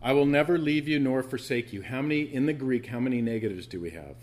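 Pastor guy preaching, emphatic, keeps quizzing the room, mid-pitch voice. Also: quick pace, a little mellow. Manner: emphatic, asks the congregation questions. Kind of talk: sermon.

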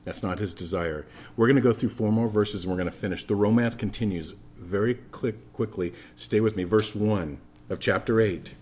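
A man's voice: lowish voice, moderate pace, breathy edge. A man preaching a sermon as pastor, telling stories and speaking straight to the congregation. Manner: animated storytelling, addresses congregation directly.

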